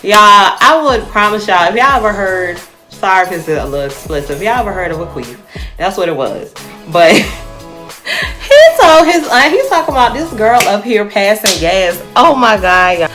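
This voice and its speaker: A young woman telling a personal story to her viewers in a casual, animated way, often calling them y'all. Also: medium pitch, moderate pace, faint music behind.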